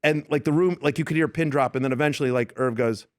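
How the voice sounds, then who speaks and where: A man's voice: fairly high pitch, quick pace, no echo, studio quality. A man working as a fantasy football analyst, chatting in an interview and acting out the people in his stories. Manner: animated storyteller, acts out quoted yelling. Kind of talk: casual interview storytelling. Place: radio studio.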